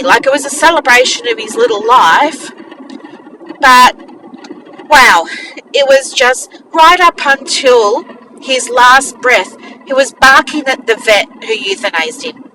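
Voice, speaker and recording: A woman's voice: a little high, distant mic, noisy background. A middle-aged woman, a business mentor telling a personal story in a candid, heartfelt, hesitant way.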